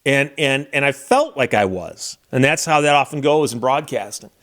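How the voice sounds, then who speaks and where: With a medium-pitched, somewhat bright voice at normal speed, a middle-aged American lawyer who hosts a YouTube channel reflects somberly. The monologue is casual and full of restarts.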